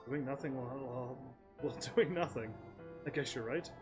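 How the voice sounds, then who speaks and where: A man's voice: mid-range voice, unhurried. A man casually commentating while playing a game, reading the dialogue aloud, often laughing and playful. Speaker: gaming streamer. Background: game music.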